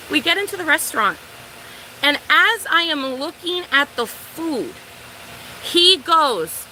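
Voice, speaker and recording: A woman's voice: sits high, a little slow, pauses often, a little hiss or hum, rough recording. A young woman vlogger telling a storytime tale to her viewers, swearing freely and acting out both sides of the story. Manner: profane, animated storytelling. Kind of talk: storytime vlog.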